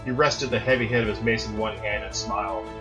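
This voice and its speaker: A man reading a dramatic story aloud in a steady storytelling voice. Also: lowish voice, a little fast, over music, low-quality recording. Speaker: narrator. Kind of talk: scripted audiobook narration.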